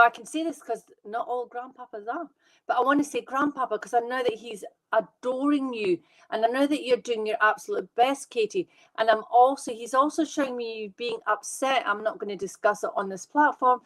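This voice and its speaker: A woman working as a medium, giving live readings to viewers in an excitable, fast, reassuring way. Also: a little high, low-quality recording. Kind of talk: live online psychic reading.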